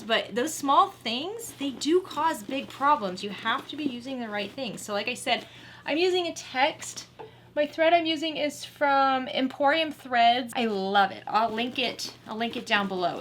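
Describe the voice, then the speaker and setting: A woman's voice: fairly high pitch, a bit bright, a little hiss or hum. A woman hosting a casual sewing vlog, chatty and gushing, talking fondly to her sewing machine. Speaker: sewing vlogger.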